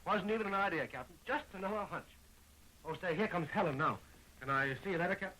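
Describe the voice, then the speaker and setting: Heard on a low-quality recording with slight background noise, this actor's voice is high-pitched, pushed, and bright. In 1920s-style film acting on an old soundtrack, he plays an eager, lovesick young man who rattles off quick jokes while investigating a murder as an amateur.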